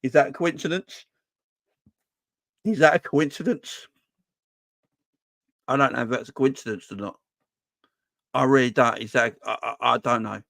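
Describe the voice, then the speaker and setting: A man's voice: medium pitch, moderate pace, gravelly, long pauses, no echo. Ranting man on a late-night stream. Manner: swears freely, loud and animated, repeats himself. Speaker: football fan livestream host. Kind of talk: casual ranting livestream chat. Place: home at night, kids asleep.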